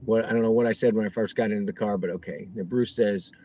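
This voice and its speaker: A man's voice: on the low side, fairly even intonation, quick pace, dark tone, slight background noise. A man livestreaming from his car while driving rideshare, chatting casually, reading viewers' comments aloud and talking to himself. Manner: chatty, reads chat aloud, talks to himself.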